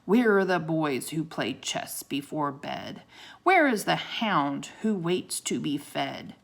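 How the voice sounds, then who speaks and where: A frail, frightened old village woman from a storybook, put on by a woman reading aloud. Her voice is cracked and feeble, low, and she speaks slowly in a sing-song lilt. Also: sing-song, creaky, full character voice. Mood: fearful. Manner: slow, sing-song rhyming.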